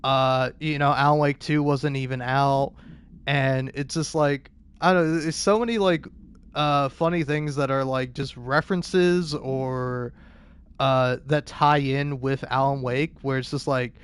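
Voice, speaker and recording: A man's voice: mid-range voice, steady tone, measured pace, clean tone. A man casually commenting while playing a game, often laughing and repeating words as he stammers. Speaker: gamer reading in-game letters. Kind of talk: casual let's-play commentary.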